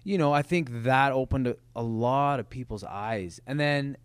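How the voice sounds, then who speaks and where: A man, a soccer player guest, telling stories in a casual podcast chat, animated and quick to laugh. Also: medium pitch, smooth, dry recording. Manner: animated, laughing often, talks in quick bursts.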